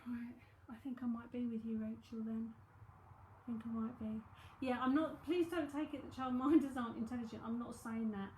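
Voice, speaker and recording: A woman's voice: on the high side, fairly even intonation, normal speed, darkish tone, echoey room, a little hiss or hum, rough recording. A woman with a London accent giving a psychic reading in a chatty, rambling way, thinking aloud with many fillers. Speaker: psychic medium. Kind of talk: live-streamed reading, casual chat.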